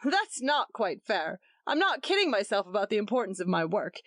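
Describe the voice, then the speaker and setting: A woman's voice: mid-range voice, sing-song, normal speed, a bit bright, no echo, studio quality. A woman reading aloud voicing a tense young husband who speaks shortly, steadily and coldly. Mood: stern.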